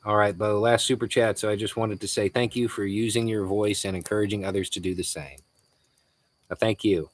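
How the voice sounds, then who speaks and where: A man's voice: lowish voice, steady tone, fairly quick. A man from Florida with a Southern accent hosting a casual live Q&A, answering viewer messages with frequent chuckles and hesitant restarts. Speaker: livestream host.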